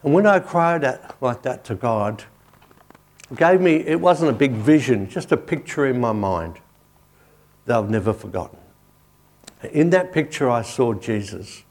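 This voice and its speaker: A man's voice: mid-range voice, animated, a little slow, pauses often, darkish tone. A male pastor giving a sermon and a prayer while kneeling, telling a story in a conversational way with frequent "you know".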